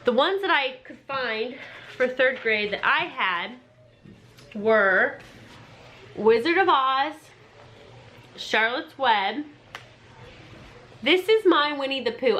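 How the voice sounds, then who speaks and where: A woman who homeschools her children, talking through reading books in a relaxed, chatty way. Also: on the high side, unhurried, pauses often, slight background noise. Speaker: homeschooling parent. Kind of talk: casual explanatory vlog.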